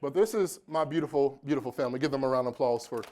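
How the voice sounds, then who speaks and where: A man's voice: medium pitch, very fast, a little mellow, a faint crowd, a little hiss or hum. A man in his forties from Indianapolis, giving a motivational keynote in a conference room, chatty and joking with the audience. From Indianapolis, United States. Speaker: keynote speaker. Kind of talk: live motivational keynote talk.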